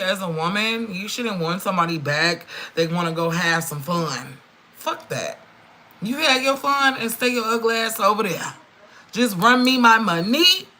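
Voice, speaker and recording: A middle-aged woman giving a frank, swearing, animated live-stream tarot reading, calling her viewers girl and friend. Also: mid-range voice, low-quality recording. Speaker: tarot reader.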